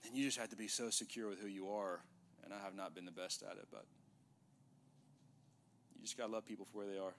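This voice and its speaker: A man's voice: fairly low pitch, fairly even intonation, fast, pauses often, a little hiss or hum. Man preaching an emphatic sermon. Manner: emphatic, drops to a hushed voice for effect. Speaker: pastor. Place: church sanctuary.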